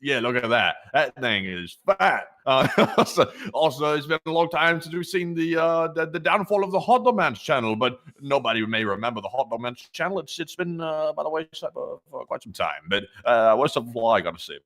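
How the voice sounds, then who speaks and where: A man's voice: mid-range voice, lively intonation, normal speed, hardly any pauses, a bit bright. Guy doing a prim polite marmot, pompous and fussy, very proper. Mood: prissy.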